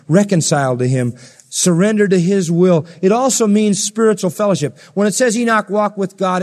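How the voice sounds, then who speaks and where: A male preacher giving a sermon, telling Bible stories in an animated way and acting out the voices of the people in them. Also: high voice. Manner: animated storytelling, acts out voices. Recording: long reverb of a large hall.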